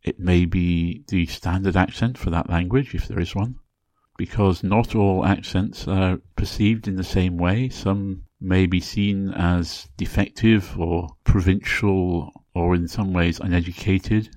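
A man from England speaking with a Received Pronunciation accent, giving a measured, clearly enunciated educational talk as a podcast host. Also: low-pitched, steady tone, a little mellow, no echo. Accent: English Received Pronunciation.

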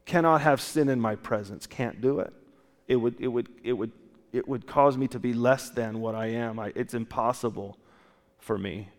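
A man voicing God the Father in a sermon, as a holy and loving figure who speaks softly and slowly. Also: medium pitch, long reverb tail, close to an everyday voice. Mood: tender solemn. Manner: soft, slow and hushed.

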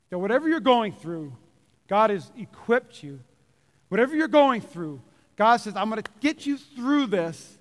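A man preaching a sermon, animated and joking, calling out to the congregation. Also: extremely high pitch. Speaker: pastor. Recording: long hall reverb.

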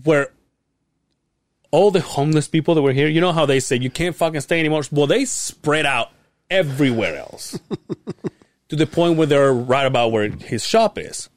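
On a dry, studio-quality recording, a young podcast co-host with a slightly high voice speaks at normal speed. His lengthy, laid-back anecdote is full of profanity and lively impressions of what others said.

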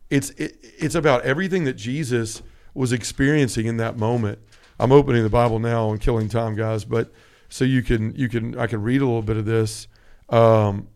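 A man's voice: medium pitch, darkish tone. A man hosting a podcast, talking earnestly and emotionally about a pilgrimage, reading scripture aloud and rambling with restarts. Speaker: podcast host. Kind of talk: casual conversation about a pilgrimage.

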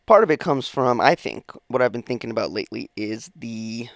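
Rambling, profane man with a gravelly voice. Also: medium pitch, expressive, fairly quick, dry recording, studio quality. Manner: rambling, profane, self-interrupting. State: sleepy, yawning. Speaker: podcast host. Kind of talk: casual solo podcast monologue.

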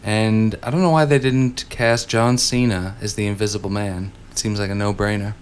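A man's voice: on the low side, steady tone, moderate pace, slight background noise. A man co-hosting a casual podcast chat, loose and giggly with lots of fillers. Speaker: podcast co-host.

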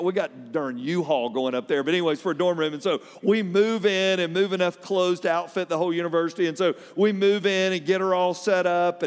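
A middle-aged man, an animated pastor preaching a sermon and telling personal stories. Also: on the high side, long reverb tail. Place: large church hall.

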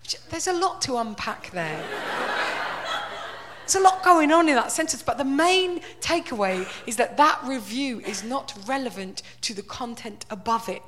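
A woman's voice: fairly high pitch, animated, normal speed, fairly bright tone. A woman giving a wry, conversational stand-up style talk full of "like" and "right?". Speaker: comedian.

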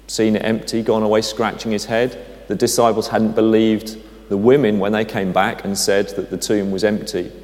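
A man delivers a sermon in an easy, conversational way, with touches of dry humour. His voice sits low. The sound rings with the long reverb of a large church. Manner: conversational, gently humorous storytelling. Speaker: preacher.

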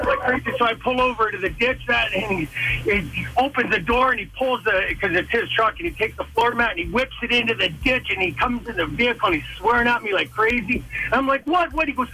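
A man with a high, very bright voice tells a rambling story over a tinny phone line. He calls in to the show and acts out the voices of the people in his story. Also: quick pace, slight background noise. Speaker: caller. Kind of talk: phone-in anecdote.

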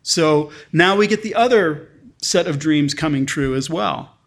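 A man's voice: fairly high pitch, unhurried. A male pastor preaching a sermon in a conversational way, often restarting and repeating words, and reading scripture passages aloud with lifted emphasis.

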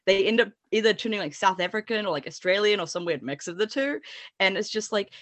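A woman's voice: medium pitch, quick pace. A woman co-hosting a podcast, chatting casually with frequent laughter and swearing, then reading a recap. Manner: animated, laughing, swears freely. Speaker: podcast co-host.

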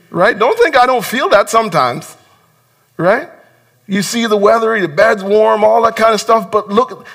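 A man delivers a sermon to his congregation in a high voice. His tone is bright and forceful. He talks in an earnest, urging way, doubling back on words as he drives each point home. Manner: earnest, exhorting, repeats words when stressing a point. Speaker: pastor. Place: church sanctuary.

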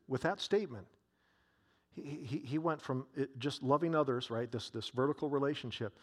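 A man preaching a sermon to a congregation in a church, emphatic and repeating his key phrases. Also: medium pitch.

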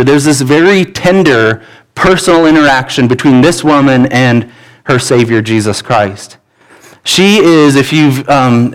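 A man's voice: medium pitch, poor audio. Male pastor, mid-range voice, preaching earnestly in church with a pleading tone. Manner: earnest, pleading, with repeated restarts. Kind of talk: sermon. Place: church sanctuary.

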